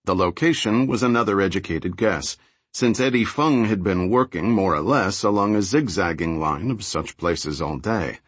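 Husky low-voiced man narrating a thriller. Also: normal speed, dry recording. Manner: steady, low-key reading; shifts tone slightly for dialogue. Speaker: audiobook narrator.

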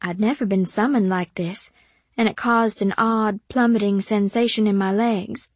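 A woman's voice: mid-range voice, steady tone, normal speed, dry recording. Woman audiobook narrator, poised and careful, dry close studio sound. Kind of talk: first-person audiobook narration.

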